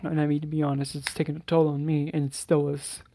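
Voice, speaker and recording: A soft-spoken man recounts a personal story to camera, his voice mellow and dark. He speaks haltingly, restarting phrases and sighing often, and his pitch stays flat and level. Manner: halting, hesitant, with many restarts and sighs. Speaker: channel host.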